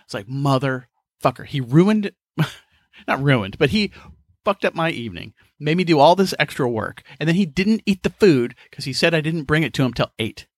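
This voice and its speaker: A man's voice: on the high side, big pitch swings, moderate pace, no echo, clean studio sound. A man hosting a podcast, telling rambling personal stories with a profane, exasperated, laughing manner. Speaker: podcast host.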